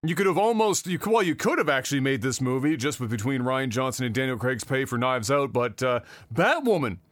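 A man's voice: medium pitch, sing-song, fairly quick, fairly bright tone, no room sound, studio quality. A man co-hosting a casual podcast chat, talking animatedly, swearing often and restarting his sentences. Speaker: podcast co-host.

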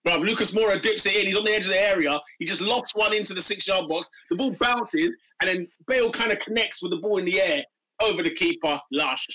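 Slangy lad, high bright voice. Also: male voice, fast, rough recording. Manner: mock announcer flourishes, slangy. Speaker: podcast co-host. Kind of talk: casual football chat.

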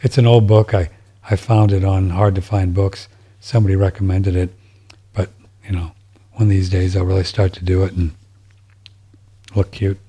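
Male podcast host, low and husky, dark and mellow tone, casual and rambling, reading listener mail at home. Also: flat delivery, moderate pace, pauses often. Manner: rambling, with many restarts and fillers. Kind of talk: casual chat. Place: home, seated in a chair.

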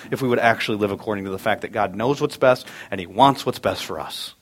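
A man in his thirties, a pastor preaching a sermon, earnest, telling family stories with humor and building to loud emphatic peaks. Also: on the low side, fast, hardly any pauses.

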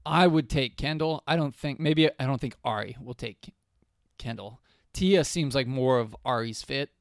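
A man's voice: mid-range voice, moderate pace, no echo, clean studio sound. A man co-hosting a podcast, making wry, offhand comments in casual chat. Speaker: podcast co-host.

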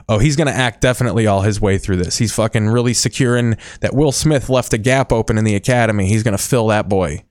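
A man riffs sarcastically over a video in a deadpan comic style, tossing in mock asides. His voice sits fairly low and sounds dry and close to the mic. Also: fast, few pauses, clear, resonant tone, no room sound. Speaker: comedian commentator.

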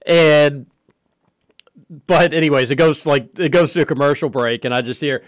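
A man hosting a sports radio talk show, telling animated stories in casual banter. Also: a little high, normal speed. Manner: animated storyteller, mimics voices in anecdotes.

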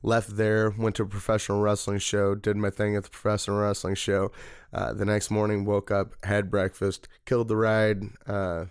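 Low-voiced man telling a story. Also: normal speed, clear, resonant tone, dry recording, clean studio sound. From Missouri, United States. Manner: rambling, relaxed, frequent fillers. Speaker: political party committeeman, guest. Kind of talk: casual interview storytelling.

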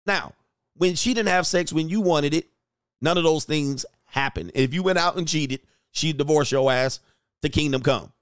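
A man's voice: fairly high pitch, lively intonation, moderate pace, no room sound, clean studio sound. Blunt, preachy male coach. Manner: blunt, preachy and crude, with short punchy repeated phrases. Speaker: dating and life coach. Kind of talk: motivational monologue.

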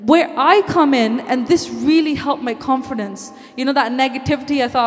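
Earnest high-voiced woman in a hall. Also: moderate pace, hardly any pauses. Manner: earnest and heartfelt, slips Punjabi phrases into English. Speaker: speaker at a Sikh community event. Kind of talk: inspirational talk to a congregation. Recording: long hall reverb.

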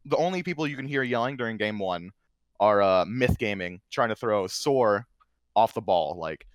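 Excitable man telling a gaming story. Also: lowish voice, normal speed, smooth, no echo. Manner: excitable, animated storyteller who drifts into shouting. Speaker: guest, former console champion. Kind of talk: casual podcast storytelling.

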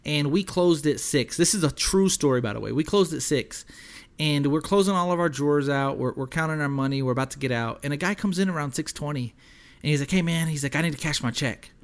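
A young man co-hosting a casual podcast, his voice sitting a little high for a man. He tells stories in a loose, profane way and jumps into the voices of the people he quotes. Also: a little fast. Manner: profane, animated storyteller who acts out quotes. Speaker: podcast co-host. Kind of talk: casual storytelling chat.

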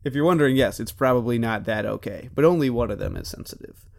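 Creaky-voiced young man, laughing podcast host. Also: mid-range voice, expressive, fast, a little mellow. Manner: laughing, rambling storyteller. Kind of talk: casual chat.

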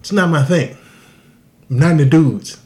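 A man hosting a podcast, telling a crude story in a profane, animated way and laughing often. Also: a little high, normal speed. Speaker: podcast host. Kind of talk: casual storytelling.

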